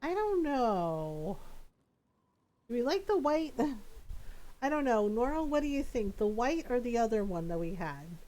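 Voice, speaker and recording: Brief: woman gaming streamer, a touch high-pitched, chatty, often laughing as she thinks aloud. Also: big pitch swings, unhurried, warm tone. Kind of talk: casual live-stream chat.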